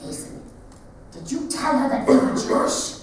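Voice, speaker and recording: A woman in a one-woman stage show voicing a cautious, anxious immigrant father in a lower, scolding tone. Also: normal speed, slight background noise, lightly acted. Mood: stern. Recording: echoey theater from far off.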